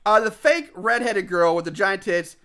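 A man with a very high, bright voice rants about a film in a loose, profane podcast chat. He gets excited easily and his lines often rise into near-shouts of disbelief. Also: normal speed. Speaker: podcast host reviewing a movie. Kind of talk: casual chat.

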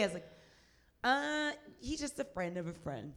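A woman in her thirties telling a loud, profane story in casual chat, acting out the quotes with a rising voice. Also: on the high side, very animated, moderate pace.

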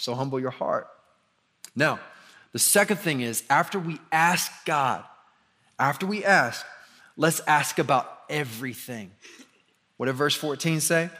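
A young man from the preaching a conversational sermon as pastor, rising in pitch and volume when he drives a point home. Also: bright, forceful tone. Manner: conversational preaching with sudden emphatic rises.

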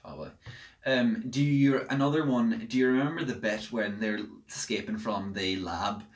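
Chatty young podcast host. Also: male voice, fairly low pitch, moderate pace. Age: young adult. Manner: chatty, self-deprecating, easily amused. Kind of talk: casual chat. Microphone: no proper microphone.

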